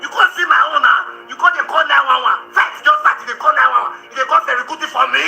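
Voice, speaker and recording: A man with a Nigerian accent ranting in a vlog, loud and combative, often breaking into laughter and shouts. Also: very high-pitched, gravelly, roomy sound, rough recording. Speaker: social media commentator.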